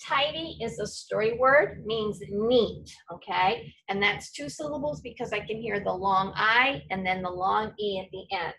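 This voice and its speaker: A woman's voice: a little high, creaky, fairly bright tone, recorded from a distance, low-quality recording. A woman teacher giving a patient, step-by-step reading lesson to young children. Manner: patient, slow, step-by-step explaining.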